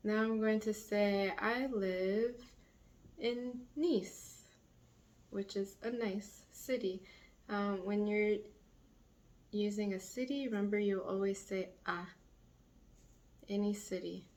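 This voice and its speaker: A woman teaching a beginner language lesson, slowly repeating each phrase for her learners. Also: mid-range voice, a little mellow. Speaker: French teacher.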